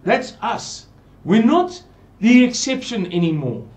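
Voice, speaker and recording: A man's voice: extremely high pitch, very animated, slow, darkish tone. A man giving an earnest, pleading, rambling monologue to his viewers. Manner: pleading, repetitive, digressive. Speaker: channel presenter.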